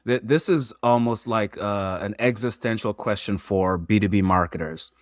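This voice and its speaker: A man, a podcast guest who explains his points through lively analogies and metaphors. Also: lowish voice, moderate pace, no echo, studio quality. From Nigeria. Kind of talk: animated storytelling in an interview.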